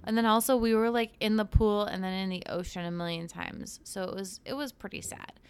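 A woman's voice: mid-range voice, steady tone, a little fast, smooth. A young woman co-hosting a podcast, chatting casually and animatedly, often drifting back from her microphone. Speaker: podcast co-host. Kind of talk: casual chat. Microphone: moves back and forth from the microphone.

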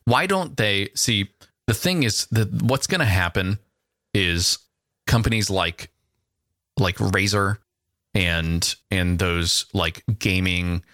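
A man co-hosts a relaxed podcast, rambling through jokes with a dry delivery. His low voice is bright and edgy, and his pitch moves a lot. The sound is close and dry. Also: takes it slowly, dry recording. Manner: rambling, deadpan riffing with many restarts. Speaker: podcast co-host. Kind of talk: casual comedic chat.

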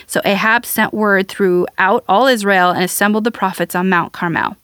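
A woman's voice: mid-range voice, normal speed, fairly bright tone, clear, resonant tone, no room sound. Woman reading scripture, dry close sound. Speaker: Bible reader.

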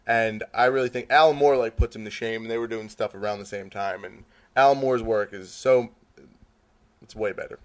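A man's voice: on the low side, fairly even intonation, moderate pace. Blunt jokey man chatting as a guest. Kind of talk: casual chat.

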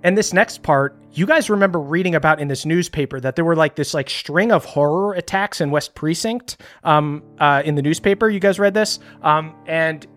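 A woman narrating a tabletop game as game master, in a relaxed, chatty way with plenty of fillers. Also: deep voice, normal speed, hardly any pauses, soft background music.

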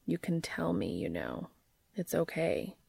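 A gentle, concerned man speaks low and quietly, coaxing rather than pushing, as a woman reading the story puts him on. The voice is low with a gravelly edge and sits dry and close. This is a storybook reading, not a full performance. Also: very animated, measured pace, dry recording, exaggerated voice.

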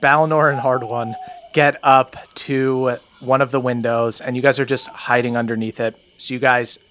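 A man serves as game master for a tabletop session, narrating scenes and calling for rolls in a loose, joking way. His voice sits at a middle pitch, with a faint hiss in the background. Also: normal speed. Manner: relaxed, jokey narration with frequent laughter.

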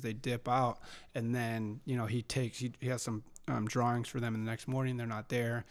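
A man co-hosting a casual podcast, retelling film scenes in a relaxed, filler-heavy way. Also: mid-range voice, moderate pace, few pauses. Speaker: podcast co-host. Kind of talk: casual chat about films.

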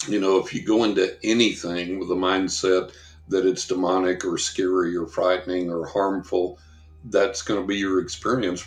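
A man, a psychic guest, chatting and telling stories in an animated way. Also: sits low, echoey room. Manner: animated, acts out quoted voices; casual chatty. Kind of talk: casual storytelling.

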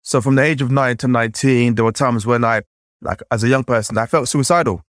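A man from Nigeria tells his story as a podcast guest, animated and full of "like". His pitch jumps around as he acts out remembered voices. The sound is dry and close, with no room around it. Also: a little fast, no echo. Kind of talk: storytelling in conversation.

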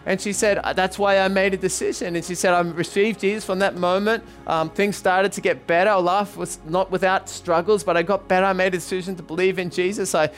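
High-voiced earnest pastor preaching. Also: male voice, fairly even intonation, fairly quick, hardly any pauses, soft background music. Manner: earnest, repeats himself, frequent ums. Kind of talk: sermon with retold testimony and prayer.

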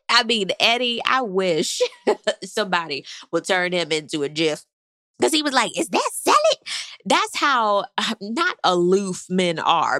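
Sassy female recap host, fairly high voice, dry close mic, salty language. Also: no room sound. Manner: sassy, animated, swears freely. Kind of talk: casual recap commentary. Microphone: speaking into a microphone.

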